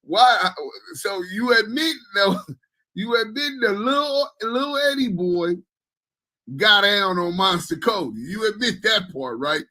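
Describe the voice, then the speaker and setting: A male podcast host with a high, bright, sharp voice reacts to a clip. He talks in a mocking, skeptical way and swears freely. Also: expressive, unhurried, low-quality recording. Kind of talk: reaction commentary.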